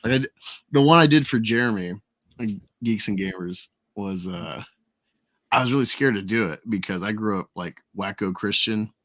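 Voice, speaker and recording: A man's voice: on the low side, moderate pace, a bit bright, dry recording, clean studio sound. A man hosting a casual chat, rambling and laughing often.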